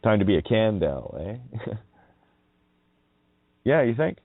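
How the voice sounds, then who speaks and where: A man with a low voice hosts a rambling solo radio monologue, his pitch leaping up and down as he mocks and swears. He laughs often and plays on the sounds of words. The recording is dry and thin, like a tinny phone line. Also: big pitch swings, slow pace, dry recording. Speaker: radio show host. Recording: narrow, tinny phone-like audio.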